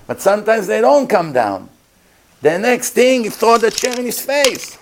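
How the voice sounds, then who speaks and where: Animated rabbi telling a story. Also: male voice, high-pitched, moderate pace. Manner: animated storyteller, acts out quoted voices, laughs often. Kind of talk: storytelling lecture.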